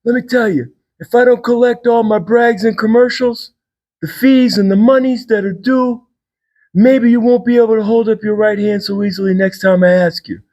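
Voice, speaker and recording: A tough-talking mob boss, as a man puts him on, making shakedown demands with mock menace. The voice is pitched well above the speaker's natural range. It sounds a little distant from the microphone. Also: fairly even intonation, normal speed, darkish tone, lightly acted. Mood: mock threatening.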